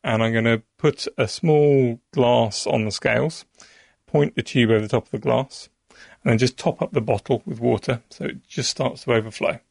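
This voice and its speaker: A man with a gravelly edge to his voice explains the science behind an experiment patiently and step by step. The sound is close and dry. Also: mid-range voice, steady tone, moderate pace, dry recording.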